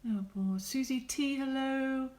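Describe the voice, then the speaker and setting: A woman's voice: high voice, unhurried, darkish tone. A middle-aged woman, a watercolour artist, chatting casually while she paints and teasing her viewers as she reads out their comments. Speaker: watercolour artist hosting a live painting session.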